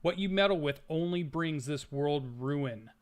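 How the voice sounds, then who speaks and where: A man voicing a middle-aged, white-haired mystic woman who sternly warns cultists, in a raised, higher voice. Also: a little slow, close to an everyday voice. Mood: commanding. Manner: commanding, warning.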